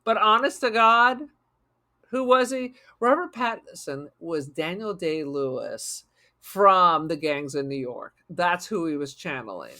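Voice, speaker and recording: A man's voice: high-pitched, a little slow, bright, forceful tone. A man co-hosting a podcast, talking about a movie in a blunt, crude and jokey way. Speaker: podcast co-host. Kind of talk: casual movie chat.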